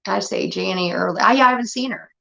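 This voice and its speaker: A woman's voice: medium pitch, quick pace, vocal fry, fairly bright tone. A woman hosting a livestream in casual chat, blunt and profane, irritated with her moderators. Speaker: livestream host. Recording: dull lo-fi stream audio.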